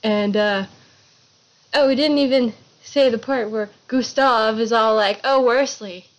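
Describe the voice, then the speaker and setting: On a muffled recording, a woman with a higher, unhurried voice co-hosts a relaxed book chat. Retelling a story with playful humor, she laughs a lot and drops into silly voices.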